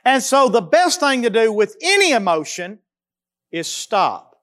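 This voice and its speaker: A man, preaching a sermon as pastor, swinging between loud emphasis and quiet, slow repetition. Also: very high voice, very animated.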